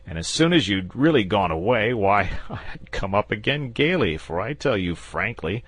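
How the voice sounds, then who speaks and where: A man's voice: fairly low pitch, sing-song, normal speed, fairly bright tone, dry recording, voice pushed up. A man voicing a bored, coy, sociable male dragon, fussy and wry in manner.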